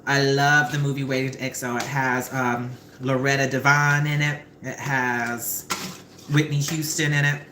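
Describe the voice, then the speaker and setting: Low-voiced, chatty young woman livestreaming. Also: moderate pace. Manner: animated, chatty storyteller, swears freely. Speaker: livestream host. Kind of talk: casual live-stream chat while cooking. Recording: roomy with faint background noise.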